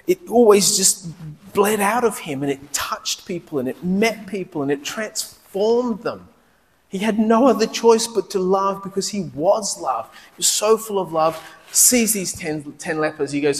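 A man preaching a sermon in a lively, conversational way, asking the congregation questions as he goes. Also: sits high, normal speed. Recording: long reverb of a large hall.

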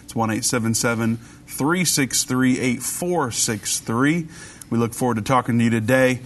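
An American man hosting a radio talk show, chatting in a lively, joking way with many fillers. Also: mid-range voice, normal speed, slight background noise. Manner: animated, jokey, hesitant with fillers.

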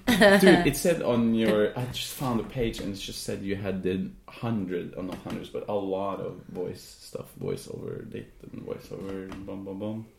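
A man's voice: low-pitched, lively intonation, moderate pace, vocal fry, echoey room, slight background noise. A man co-hosting a podcast, playful and laughing often, talking with small slips and restarts. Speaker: podcast co-host. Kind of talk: casual podcast chat.

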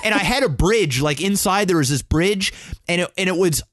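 A man co-hosting a podcast, telling a long story in casual chat, swearing freely and jumping up in pitch when excited. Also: normal speed, no room sound, shouting, studio quality. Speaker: podcast co-host.

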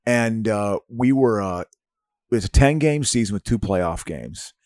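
A man's voice: fairly low pitch, animated, unhurried, darkish tone, dry recording. A middle-aged man telling rambling sports stories in a casual chat, with many restarts. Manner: rambling storyteller with frequent restarts.

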